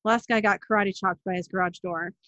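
A woman's voice: medium pitch, a little fast, no room sound, lightly acted. A woman reading out the lines of an earnest younger male hunter in a plain recap voice, on a dull, dry recording. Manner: read flatly as a quoted line in a recap.

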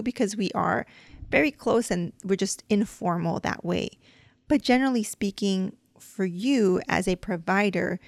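A woman's voice: medium pitch, vocal fry, dry recording, clean studio sound. A woman from a Mexican family raised in the United States, explaining dental Spanish patiently with examples, using many "um"s and "like"s. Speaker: dental hygienist teaching dental Spanish. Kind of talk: casual podcast lesson.

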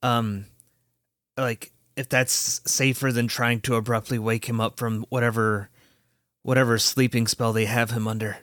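A man's voice: medium pitch, level tone, measured pace, a bit bright, dry recording, studio quality. A man playing a tabletop role-playing game, hesitant and full of fillers. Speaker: player. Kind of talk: casual tabletop play.

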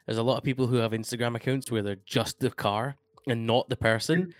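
A man's voice: mid-range voice, steady tone, brisk, no echo. A man chatting on a live podcast with dry, teasing humor. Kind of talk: casual live podcast chat.

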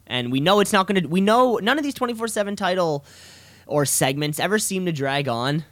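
A man's voice: high-pitched, lively intonation, a little fast, a bit bright, no room sound. A man co-hosting a podcast in casual chat, rambling and teasing, swearing now and then. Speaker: podcast co-host. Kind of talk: casual chat about wrestling.

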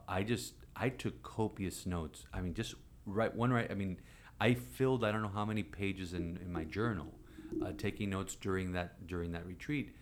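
A priest in his forties with a fairly low voice tells a personal story, animated and acting out the people he quotes. He rises sharply in pitch and volume when he plays other speakers. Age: 40s. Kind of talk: storytelling in conversation.

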